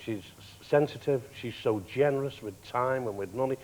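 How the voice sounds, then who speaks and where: A man, a guest on a TV talk show, telling stories in a lively way, often laughing and acting out other people's lines. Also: medium pitch, moderate pace, low-quality recording. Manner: lively raconteur, laughs often, acts out quoted voices. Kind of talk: anecdotal storytelling. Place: TV studio.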